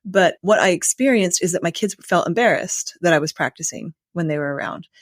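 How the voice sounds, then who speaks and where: A woman's voice: fairly low pitch, lively intonation, brisk, no room sound, studio quality. An American woman from the United States hosting a podcast interview, conversational and thinking aloud. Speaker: podcast host.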